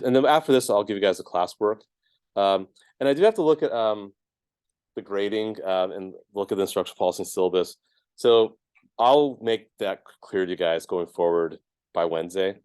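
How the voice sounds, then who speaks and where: A man's voice: on the low side, lively intonation, brisk, a little mellow, smooth, no echo. A man teaching a math class, explaining each step casually with lots of ums and checks of "right?". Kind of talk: classroom lecture.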